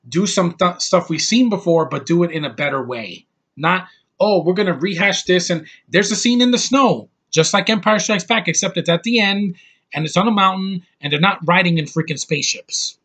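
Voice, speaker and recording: A man's voice: high-pitched, fairly bright tone. A young man giving a brash, over-the-top movie review, ranting and swearing as he talks.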